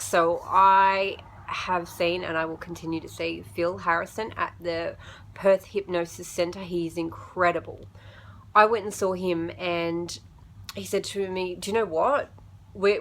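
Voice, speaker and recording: A woman's voice: on the low side, gravelly, fairly bright tone. Woman, personal vlog, camera mic at home, emotional, rambling restarts. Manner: chatty, emotional, jumps between thoughts with restarts. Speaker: vlogger.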